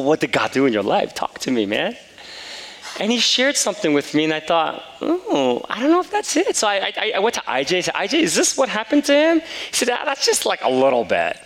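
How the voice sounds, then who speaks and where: A middle-aged man preaching a sermon, telling a personal story in a casual, animated way with many fillers. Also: medium pitch. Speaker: pastor. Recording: long hall reverb.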